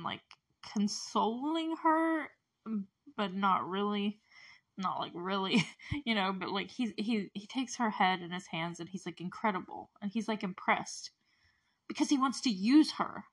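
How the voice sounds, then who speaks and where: A woman casually recapping a TV episode, chatty and animated, with lots of fillers and asides. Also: mid-range voice. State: close to tears at moments. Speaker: show recap host.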